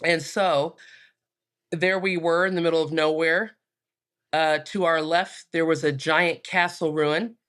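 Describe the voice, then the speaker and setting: A woman, a minister and podcast guest, calmly telling a personal story with frequent fillers. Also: sits low, measured pace. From United States.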